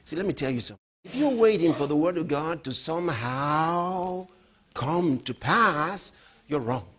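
A middle-aged man preaching a sermon as a pastor, emphatic, moving between loud outbursts and low, quiet storytelling. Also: lively intonation, a little slow, husky.

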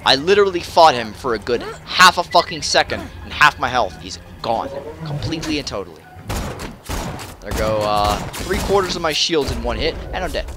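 A man's voice: mid-range voice, animated, moderate pace, music in the background. A man giving let's play commentary at home, ranting furiously with constant swearing and stammered repeats. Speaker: gamer. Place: at home playing on a television.

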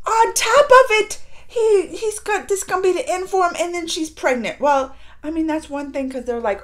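A woman with a high, bright voice recaps a TV episode for her reaction channel in casual, easy talk. She is openly emotional, acting out what the characters said as she goes. Her tone swings between loud, excited outbursts and quiet, upset asides. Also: moderate pace, hardly any pauses. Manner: emotional, animated retelling with quoted voices. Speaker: reaction video host.

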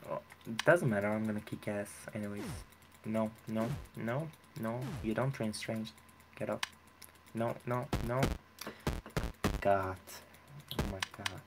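A young man giving casual, profane commentary while playing a game, excitable and talking to himself. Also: on the low side, measured pace, noisy background. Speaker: let's play gamer.

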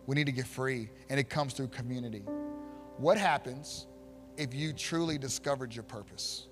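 A male pastor preaching a sermon, animated in his storytelling and swinging from hushed to loud. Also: medium pitch, moderate pace, faint music behind.

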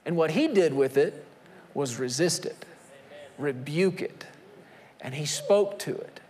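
A man's voice: fairly high pitch, very animated, slow pace, darkish tone. A man preaching a sermon from the pulpit, emphatic, posing rhetorical questions to the congregation. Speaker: pastor. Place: church sanctuary. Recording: long reverb of a church hall.

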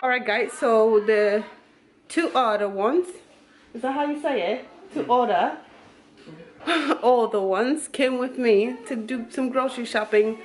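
A woman's voice: on the high side, a little hiss or hum. A woman in a put-on British accent, chatting casually and teasingly to viewers of a family vlog. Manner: slow, teasing, talks straight to viewers. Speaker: family vlogger.

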